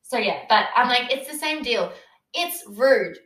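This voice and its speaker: Young woman, slightly high voice, casual recap chatter full of "like" and quoted lines, roomy echo. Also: animated, measured pace, fairly bright tone. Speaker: co-host of a TV recap chat. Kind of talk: casual chat. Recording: echoey room.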